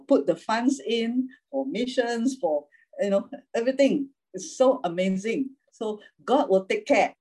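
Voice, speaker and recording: A woman's voice: mid-range voice, warm tone, breathy edge, rough recording. A woman preaching an informal sermon, chatty, laughing often and checking in with the listeners as she goes.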